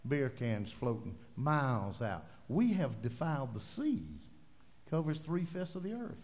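A man's voice: medium pitch, big pitch swings, a little slow. Impassioned preacher, man, hall reverb. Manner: impassioned, rising to loud preaching cadence. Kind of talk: sermon.

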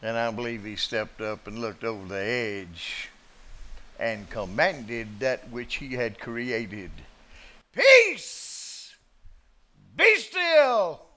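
A man preaching a sermon in a dramatic way, moving from hushed asides to loud declarations. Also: fairly low pitch, fairly even intonation, takes it slowly.

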